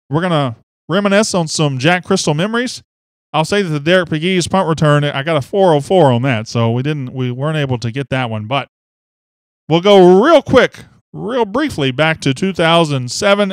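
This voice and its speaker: A man hosting a sports podcast in casual chat, excitable and teasing, swinging from loud bursts to quiet asides. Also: on the high side, clean tone, no room sound. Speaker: podcast host.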